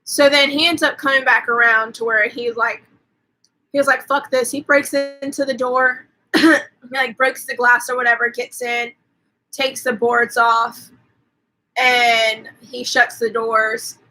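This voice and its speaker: A woman's voice: on the high side, little pitch movement, bright, forceful tone, poor audio. A woman hosting a livestream, casually retelling a film's plot, with "like" in nearly every phrase and offhand swearing. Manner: rambling, fills every pause with "like", swears casually. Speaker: host. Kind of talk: casual movie recap on a livestream.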